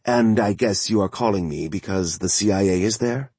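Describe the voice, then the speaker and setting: Audiobook: male narrator as a brisk woman journalist, slightly lifted pitch, low-key. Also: a little mellow, slightly rough, no room sound. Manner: brisk, sleepy at first then wide awake. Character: sharp female national security reporter.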